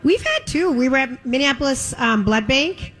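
A woman hosting a live radio broadcast, chatty and playful with quick asides. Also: sits high, expressive, a bit bright, soft background music. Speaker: radio host.

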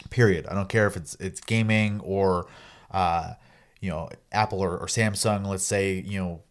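A man's voice: low voice, steady tone, moderate pace. A man co-hosting a casual gaming podcast, speaking bluntly with some sarcasm and frequent restarts. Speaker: podcast co-host.

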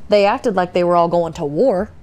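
A woman's voice: lowish voice, normal speed, darkish tone. A woman co-hosting a podcast, chatting casually and dropping dry, teasing quips. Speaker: podcast co-host. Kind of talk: casual chat.

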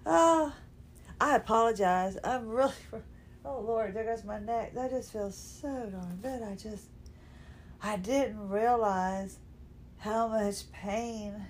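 High-voiced woman, slow rambling, emotional podcast chat. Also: slight background noise. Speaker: podcast host. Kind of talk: unscripted personal chat. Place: at home, lying down.

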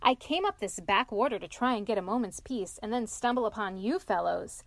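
A woman's voice: medium pitch, animated, brisk, no room sound, lightly acted. A woman voicing a bluff, jolly male otter in a storybook reading. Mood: hearty.

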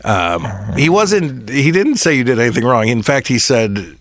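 A man's voice: mid-range voice, expressive, normal speed, fairly bright tone, no echo. A middle-aged man, a podcast host and former comedy writer, telling a rambling story in casual chat and restarting his sentences often.

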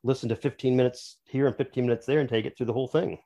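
A man's voice: mid-range voice, steady tone, racing, warm tone. A man, an author and podcast guest, explaining his views at length in casual, opinionated conversation.

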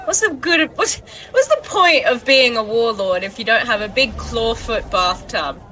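A playful woman joins a tabletop game, giggling easily. Her high, bright voice swings widely in pitch, but she speaks slowly. Faint music plays underneath. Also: lively intonation, rough recording. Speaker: player. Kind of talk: casual tabletop game chat.

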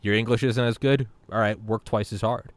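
Man, thirties, podcast host, lower voice, dry close sound, animated, swears a lot. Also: fairly quick, dry recording. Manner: animated, swears freely, repeats words. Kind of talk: casual storytelling chat.

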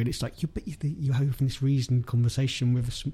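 A man with a mid-pitched voice hosts a casual interview. He stumbles a little at the start of his sentences before he settles into his questions. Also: little pitch movement, fast, mellow, slightly rough. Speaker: podcast host.

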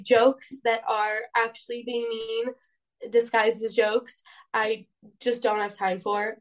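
A woman's voice: on the high side, poor audio. A young woman from Poland, a guest telling a personal story in a candid, rambling way, with many fillers. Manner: earnest, rambling, heavy use of "like".

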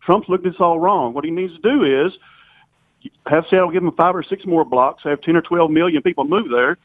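A man's voice: on the high side, brisk, no echo. A man calling in to a radio show, making wisecracking remarks. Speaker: caller. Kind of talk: phone-in comment. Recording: tinny phone line.

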